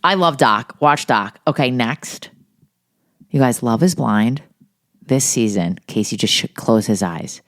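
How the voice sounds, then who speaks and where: A woman's voice: extremely low pitch, unhurried. A middle-aged woman co-hosting a podcast, telling gossipy, profane stories in casual chat. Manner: gossipy, profane, animated storytelling. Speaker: podcast co-host.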